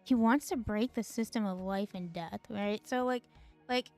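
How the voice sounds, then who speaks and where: A woman's voice: mid-range voice, normal speed, darkish tone, soft background music. A woman host giving casual, slangy, profane commentary on game lore, full of chatty asides. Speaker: gaming video host.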